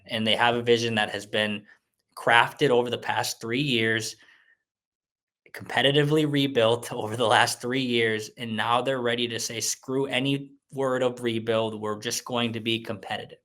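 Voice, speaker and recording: A man's voice: mid-range voice, fairly bright tone. A man appearing as a sports reporter guest on a podcast, making his points emphatically and repeating phrases to build them. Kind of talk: casual sports podcast chat.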